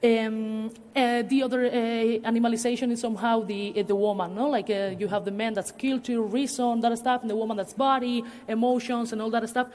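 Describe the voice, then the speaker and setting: A woman's voice: on the high side, steady tone, a little fast, hardly any pauses, darkish tone. A woman speaking on a public panel in a cultural centre hall. She talks hesitantly, with many fillers. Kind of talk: public talk in a panel discussion. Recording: long hall reverb.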